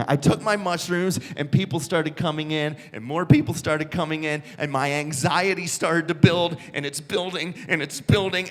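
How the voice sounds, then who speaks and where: A man performing a live stand-up comedy set, telling a story with bursts of shouting and put-on voices. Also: high-pitched. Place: comedy club stage. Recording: live club recording with long reverb.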